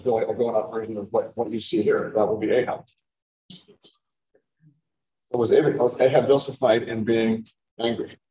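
A man's voice: on the low side, level tone, brisk, warm tone, highs cut off. A man giving a sermon on scripture in a conversational way, often repeating words as he finds them. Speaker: preacher. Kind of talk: sermon, Bible teaching.

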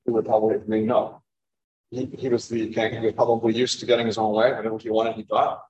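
A man's voice: lowish voice, flat delivery, fast talker, a little mellow, dull audio. A man giving a sermon on scripture in a conversational way, often repeating words as he finds them. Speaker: preacher. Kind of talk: sermon, Bible teaching.

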